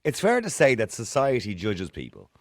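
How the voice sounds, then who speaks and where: A man's voice: medium pitch, moderate pace, dry recording, studio quality. A man with an Irish accent hosting a phone-in radio show, cutting in to steer the callers. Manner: lively, cuts in to steer callers. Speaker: radio talk show host.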